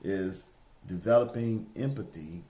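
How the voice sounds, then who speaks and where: A man's voice: low-pitched, unhurried, dark tone. A man giving a casual, faith-based motivational talk, repeating key phrases over and over to drive them home. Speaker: motivational speaker. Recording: roomy, echoey room sound.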